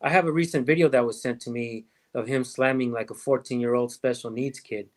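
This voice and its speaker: A man's voice: mid-range voice, fairly even intonation, fairly quick. A man hosting a livestream about police accountability, talking in a rambling, reflective way that often trails off. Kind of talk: casual livestream chat.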